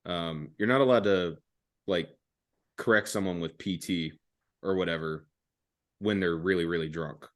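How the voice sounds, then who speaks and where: A man's voice: low-pitched, moderate pace, pauses often, fairly bright tone. A young man hosting a podcast, telling a story casually with lots of swearing and slang. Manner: laid-back, profane, laughs often, fillers like "dude" and "man". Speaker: podcast host.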